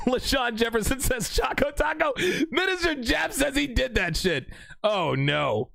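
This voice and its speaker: Male live-stream host; playful, teasing delivery, pitch swinging all over, very dry mic. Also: very animated, unhurried, vocal fry, pushed and bright, no echo. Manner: teasing, laughing, mock-courtroom ribbing. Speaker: livestream host reading chat. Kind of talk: casual live-stream banter.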